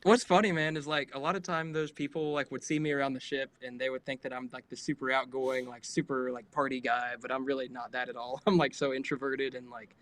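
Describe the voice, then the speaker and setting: A young man in his late twenties, a musician guest on a video call. His voice sits at an ordinary pitch. He talks in a relaxed, modest way, packed with fillers and quick laughs. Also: no echo. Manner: laid-back, modest, full of "like" fillers, laughs often. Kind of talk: casual interview chat.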